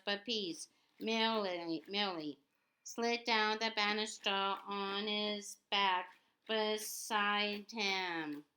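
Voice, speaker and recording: A woman reads a story aloud at a slow, unhurried pace, often stumbling and going back over words. Her pitch sits in a middle range. A steady hiss of noise runs under the voice. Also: low-quality recording. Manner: halting, often repeats and restarts words. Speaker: audiobook reader. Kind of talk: unrehearsed read-aloud narration.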